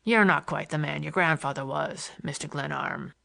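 A sly Western rogue with a slow, broad drawl, put on by a woman reading the story. The voice sits lower and darker than her own. He sounds cool and mocking, never rattled. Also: gravelly, a bit bright, heavily acted. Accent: broad Western American drawl.

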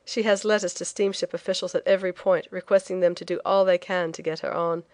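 A woman reading the lines of a brisk male shipping agent who speaks with blunt certainty. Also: fairly low pitch, steady tone, a little mellow, dry recording, lightly acted. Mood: insistent. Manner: brisk, insistent.

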